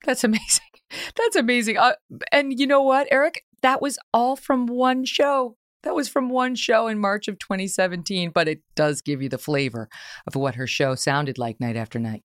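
A woman's voice: a little high, moderate pace, no echo, studio quality. A woman hosting a conversational interview, speaking in an emphatic, incredulous way. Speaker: host.

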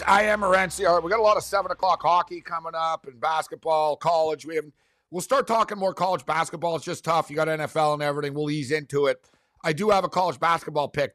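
A man hosts a casual sports betting talk, rambling through his picks with plenty of fillers and restarts. His voice sits a bit high for a man. The recording is dry and close. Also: fairly bright tone, dry recording. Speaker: sports betting show host.

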